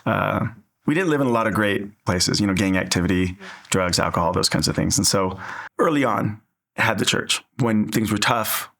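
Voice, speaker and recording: Earnest low-voiced man telling his story. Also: moderate pace, creaky, fairly bright tone. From Southern California. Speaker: interview guest. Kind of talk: personal faith testimony.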